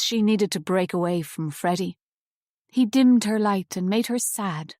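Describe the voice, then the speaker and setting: This is a woman reading a novel aloud for an audiobook, her delivery even and measured like a storyteller's. The mid-range voice comes through a close studio mic, free of any echo.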